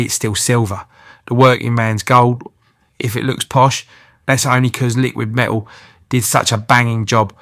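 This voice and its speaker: A man narrates the channel in a cheeky, joking voice full of British slang. His voice sits at a middle pitch and sounds dry and close, as if recorded straight into the mic with no room sound. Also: fairly bright tone, no room sound. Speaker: channel host. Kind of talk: scripted comic voice-over narration.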